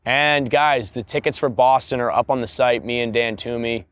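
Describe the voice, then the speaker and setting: A young man with a medium-pitched, smooth voice hosts his own podcast solo at a moderate pace. He chats casually about tour dates and self-care, laid-back and full of crude jokes, now and then erupting into a loud parody of an announcer.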